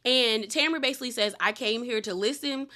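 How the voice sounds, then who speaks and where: Bright-voiced chatty woman recapping reality TV. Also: a little high, fairly quick. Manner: chatty, opinionated, retells scenes with quoted lines. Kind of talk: casual recap commentary.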